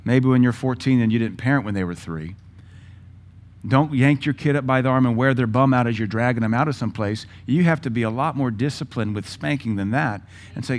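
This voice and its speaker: A man's voice: mid-range voice, a little fast. Middle-aged male pastor, emphatic sermon delivery in punchy bursts. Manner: emphatic, punchy lists of words.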